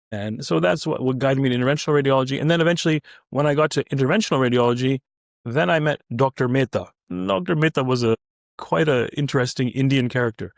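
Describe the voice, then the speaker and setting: A middle-aged man, a physician guest in an interview, telling stories in a casual, animated way with many restarts. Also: medium pitch, gravelly, dry recording, clean studio sound. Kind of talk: casual anecdotal storytelling.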